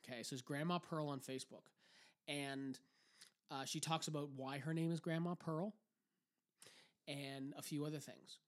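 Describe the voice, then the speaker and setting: Profane, laughing podcast host. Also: male voice, on the high side, steady tone, normal speed, pauses often. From Canada. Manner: profane, laughing, rambling with restarts. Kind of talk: casual chat.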